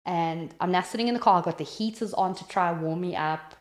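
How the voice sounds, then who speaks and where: A fast-talking South African woman, her voice on the lower side, shares a story from her own life as a podcast guest. She's animated and conversational, full of "like" fillers, and the recording has a spacious, roomy quality.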